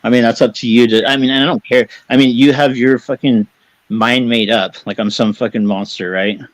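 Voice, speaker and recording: A man's voice: mid-range voice, steady tone, fairly quick, no echo, poor audio. A man talking as a caller on a live stream, agitated and defensive, swearing a lot and rambling as he justifies himself. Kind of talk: heated live-stream talk.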